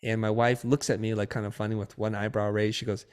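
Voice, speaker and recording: Middle-aged male guest, animated storyteller acting out dialogue. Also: on the low side, fast, smooth. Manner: lively storyteller who acts out quoted dialogue. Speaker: podcast guest, designer and educator.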